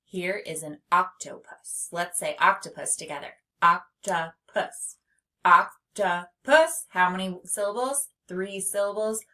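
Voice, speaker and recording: A woman teaching a phonics lesson, speaking slowly and stretching words out syllable by syllable. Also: on the low side, bright, forceful tone. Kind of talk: slow, clear classroom instruction.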